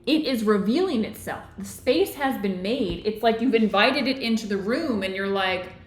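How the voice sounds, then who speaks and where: A woman hosts a live online book club and teaches from the text. She talks in an earnest, steady way, checking in with her listeners over and over. Her voice sits at an average pitch and carries a noticeable room echo. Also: moderate pace. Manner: earnest, repeats "right?" often.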